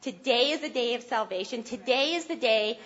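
A woman with a high voice preaches a sermon in an earnest, conversational way, lifting her voice to press a point home. The sound is dull and low-fidelity. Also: animated, normal speed, a bit bright. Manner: earnest and conversational, rising with emphasis.

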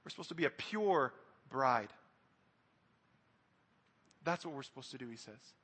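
A man's voice: mid-range voice, expressive, a little slow, a bit bright, husky, long reverb tail. A man preaching a sermon, speaking earnestly and directly to his congregation.

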